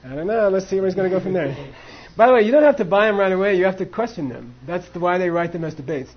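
A man's voice: high-pitched, animated, fast, muffled recording. A man teaching a class on monastic debate, acting out both sides and mixing in Tibetan phrases. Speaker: Buddhist philosophy teacher.

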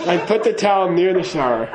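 A man's voice: high voice, animated, fairly quick, echoey room, a loud crowd, poor audio. A man giving a casual spoken teaching to a class, chatty and laughing, often checking in with "okay?". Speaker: Buddhist teacher.

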